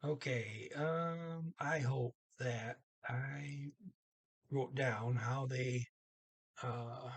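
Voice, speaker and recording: A man's voice: mid-range voice, fairly even intonation, drawn-out words, slightly rough. A man teaching a language lesson, thinking aloud with many fillers and restarts, speaking.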